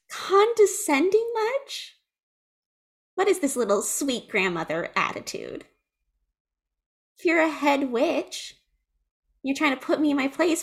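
A defiant young witch, played by a woman, blunt, mocking and quick to swear. She talks in an unhurried, deliberate way, even when she pushes back. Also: mid-range voice.

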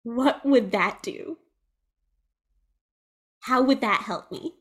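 A woman's voice: on the high side, slow. A woman voicing a brash young witch in sunglasses who is blunt and mocking, swearing freely. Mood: defiant.

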